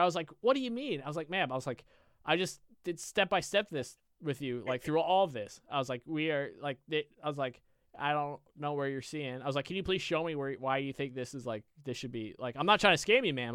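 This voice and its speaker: Co-hosting a casual podcast, a young man spins a long, rambling story loaded with swearing and "I was like." He speaks fast, with a fairly high pitch and a smooth, fairly bright tone, recorded without echo.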